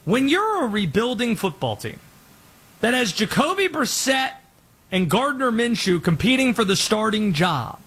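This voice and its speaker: Sarcastic sports talk man, husky and lively. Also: high voice, moderate pace. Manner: sarcastic, critical. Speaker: sports radio commentator. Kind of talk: opinionated sports commentary.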